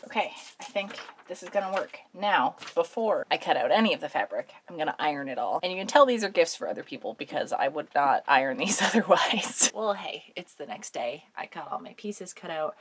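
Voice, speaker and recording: A woman with a somewhat low voice chats her way through a sewing project at home. She has a cold and a sore throat, and her talk is casual and wry, with easy swearing. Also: expressive, brisk, few pauses, husky. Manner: chatty, swears casually, dry jokes. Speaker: sewing vlogger. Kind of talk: casual craft vlog chat.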